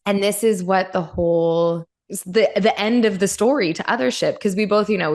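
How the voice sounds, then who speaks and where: Candid lower-voiced woman podcast host. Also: creaky. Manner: candid, rambling, says "like" often. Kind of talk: casual chat.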